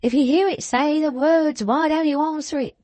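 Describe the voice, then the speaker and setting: A woman's voice: high voice, sing-song, very slow, a little mellow, dry recording, pitched above the performer's own voice, exaggerated voice. A woman voicing a blunt, snappish man who answers in short, curt questions. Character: blunt, snappish grown man, a wary partner.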